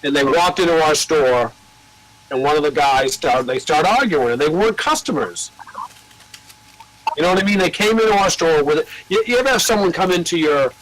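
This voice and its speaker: A man's voice: on the high side, expressive, brisk, fairly bright tone, rough recording. An older American man who owns a record label, telling long rambling anecdotes with swearing and acting out the voices of the people he quotes. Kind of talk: casual storytelling.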